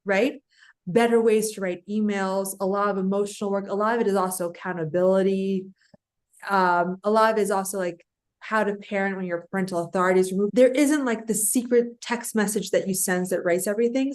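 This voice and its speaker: A woman speaking as a guest on a podcast. She tells client stories with energy and slips into their voices when she quotes them. Her pitch sits in the middle range for a woman. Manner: animated storytelling, acts out clients' voices. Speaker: parental alienation coach.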